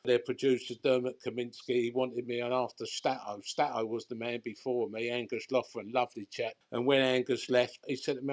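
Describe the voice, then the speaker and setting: A man's voice: medium pitch, steady tone, normal speed, few pauses. An older man with a London accent tells rambling stories about his life in betting, in a loose, colloquial way. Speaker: guest bookmaker. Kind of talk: casual storytelling chat.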